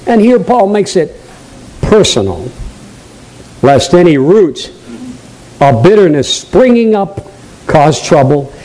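A man with a New England accent preaching a sermon, stressing points loudly, dropping into low asides and putting questions straight to the congregation. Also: big pitch swings, slow, pauses often, poor audio. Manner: emphatic preaching, swinging between loud high stresses and low quiet asides; draws the congregation in with direct questions.

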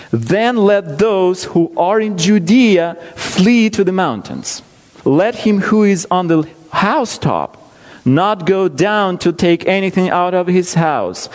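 A man preaching a sermon, reading scripture slowly and pressing rhetorical questions on his listeners. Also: a little high, a little mellow. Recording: long hall reverb.

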